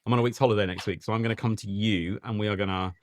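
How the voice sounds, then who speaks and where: A man's voice: fairly low pitch, fairly even intonation, rapid-fire, no echo, studio quality. A man with a southern English accent, co-hosting a podcast in casual chat, often restarting his sentences. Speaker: podcast co-host.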